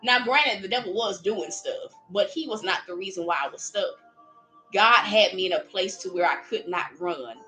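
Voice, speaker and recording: A woman preaching in a lively, casual way, acting out little voices as she speaks. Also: mid-range voice, normal speed, soft background music, low-quality recording. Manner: animated, playful, acts out voices while preaching. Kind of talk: livestreamed preaching.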